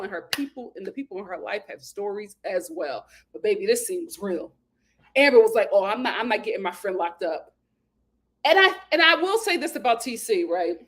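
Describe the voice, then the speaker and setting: A woman chats through a reality show recap with plenty of sass. Her voice sits high and jumps around a lot as she acts out the cast's quotes. She laughs loudly and talks straight into a close mic. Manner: animated and sassy, acting out quotes with big laughs. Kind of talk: casual chat recap.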